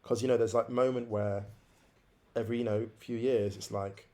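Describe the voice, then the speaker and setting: A man's voice: medium pitch, steady tone, moderate pace, darkish tone. A man around forty, a podcast guest, reflectively telling his life story and repeating phrases for emphasis.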